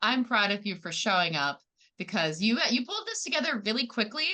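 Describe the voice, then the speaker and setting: A woman chatting casually in a group discussion, animated and full of fillers. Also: medium pitch, brisk. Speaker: panel guest.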